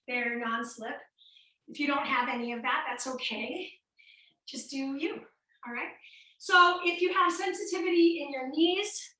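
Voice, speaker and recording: Breathy, bright-voiced woman leading a workout. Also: high-pitched. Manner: upbeat counting cues, coaching while exercising. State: a little out of breath. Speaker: fitness instructor. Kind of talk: workout class instruction. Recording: echoey room, mic at a distance.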